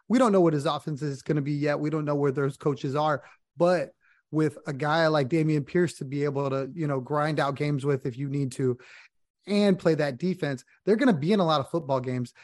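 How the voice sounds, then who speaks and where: A man's voice: a little high, fairly quick, no room sound, studio quality. A man co-hosting a sports podcast, talking through team analysis fluently. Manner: fluent, steady analytic breakdown. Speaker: podcast co-host.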